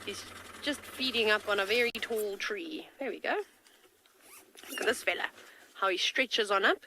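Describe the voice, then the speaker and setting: Bright-voiced woman safari guide. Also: medium pitch, normal speed, a little hiss or hum, poor audio. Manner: chatty and enthusiastic, talks to kids. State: tickle in her throat. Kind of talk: live game-drive commentary. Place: outdoors in a game-drive vehicle.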